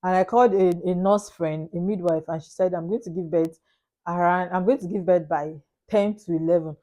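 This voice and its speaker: A young Nigerian woman with a Nigerian accent, telling her own story in an animated, dramatic way in a casual vlog. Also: on the low side, brisk. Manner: animated, dramatic retelling with Pidgin and Yoruba asides. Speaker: vlogger.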